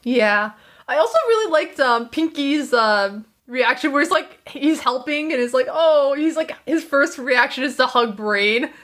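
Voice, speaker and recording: A woman co-hosting a casual chat, lively and full of fillers, acting out quoted lines now and then. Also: sits high, a little slow. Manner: animated, many fillers, acts out quoted lines. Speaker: podcast co-host.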